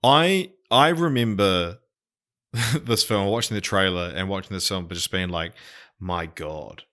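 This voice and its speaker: A man's voice: on the low side, moderate pace, sharp tone. A man co-hosting a podcast in casual chat, rambling and swearing, with many fillers and restarts. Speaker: podcast co-host.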